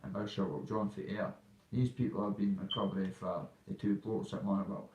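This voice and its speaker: Man, Dundee Scottish accent, low voice, rambling vlog talk, roomy echo. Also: steady tone, fairly quick, darkish tone, distant mic, slight background noise. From Dundee, Scotland. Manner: rambling storytelling, full of fillers and asides. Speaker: recovery vlogger. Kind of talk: casual vlog monologue.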